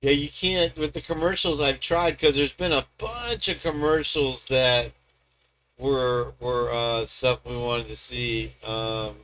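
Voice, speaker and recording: A man's voice: mid-range voice, slow pace, slight background noise, poor audio. A man hosting a livestream, chatting casually and rambling while he searches for clips. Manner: rambling, relaxed, talks to chat. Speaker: livestream host.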